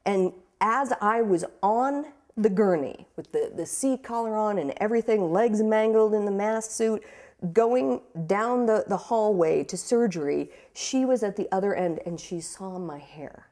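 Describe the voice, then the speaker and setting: A young woman recounting a personal ordeal, halting and repeating words, emotional but steady, with rueful laughs. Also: mid-range voice. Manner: halting, repeats words while searching for them. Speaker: interviewee. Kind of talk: personal storytelling.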